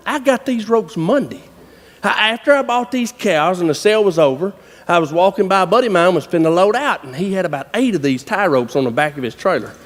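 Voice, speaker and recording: A man with a Southern US accent, preaching a sermon as a folksy, animated storyteller. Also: sits high. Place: church hall. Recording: long reverb of a large hall.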